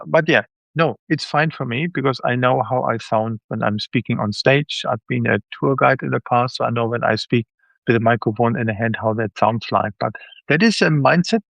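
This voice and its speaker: A man's voice: medium pitch, creaky, no room sound, dull audio. A man with a German accent, native German speaker, chatting as a guest author in an interview and acting out quoted reactions. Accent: German, with some Swiss. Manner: animated, acts out quoted reactions. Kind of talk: casual interview chat.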